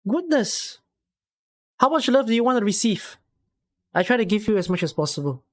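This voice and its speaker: A Singaporean woman with a Singaporean English accent talks casually and ramblingly to her live stream audience, punctuated by excited exclamations. She has a medium pitch and speaks fast.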